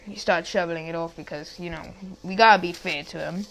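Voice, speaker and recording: A woman's voice: lowish voice, a little fast, a bit bright, slight background noise. A young woman telling a story about her school days in a casual, rambling way, with many restarts and asides.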